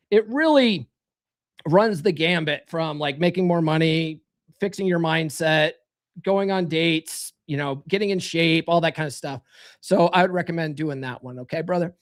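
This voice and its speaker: Blunt crude guy in his 30s running a dating stream, reads chat out loud, keeps saying brother. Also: high voice. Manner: blunt, brash, crude, calls listeners brother; mimics others in raised voices. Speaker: dating coach and livestream host. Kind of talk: casual livestream talk reading chat.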